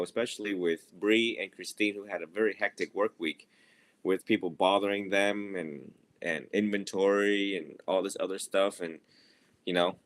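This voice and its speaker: A Buddhist monk with a lowish voice teaches a group over a video or phone call, and the recording is dry. His dharma talk is casual and playful; he laughs often and mimics his students.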